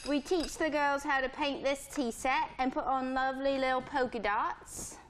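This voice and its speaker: A woman with a somewhat high voice explains how a children's tea-party painting class works, in a playful, show-and-tell manner. She is interviewed live inside a pottery studio on a field microphone. A faint background noise runs underneath. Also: steady tone, normal speed. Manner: playful, demonstrating to children, puts on a posh accent at times.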